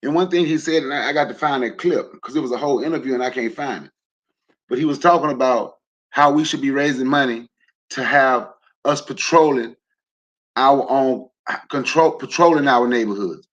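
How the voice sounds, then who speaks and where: A man's voice: medium pitch, normal speed. Male livestream host, middle-range voice, casual and rallying, slightly muffled stream audio. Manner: loose and conversational, jokes and asks the audience; emphatic, rallying. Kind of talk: casual livestream talk to a chat.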